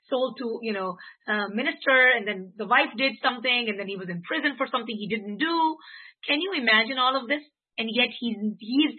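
An earnest woman teaching an online religious class, her fairly high voice a little husky. The sound is thin and phone-like. She keeps checking in with her students as she goes. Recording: tinny phone-like audio.

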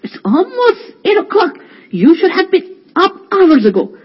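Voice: very animated, brisk, slightly rough, dull audio. A storyteller voicing Faraz, a short-tempered older brother who scolds and complains in a storybook reading. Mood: shouting. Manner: shrill, exasperated scolding.

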